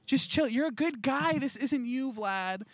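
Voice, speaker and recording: A man's voice: very high voice, lively intonation, a little slow, no echo, pitched above the performer's own voice, heavily acted. A man playing a smug male empath in a comedy sketch, talking in a soothing, pleading, self-congratulating way.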